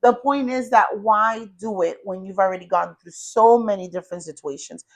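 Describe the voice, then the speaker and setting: A woman co-hosting a faith podcast who listens with steady affirmations and speaks earnestly when it is her turn. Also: mid-range voice, normal speed. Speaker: podcast co-host. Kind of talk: candid faith-based conversation.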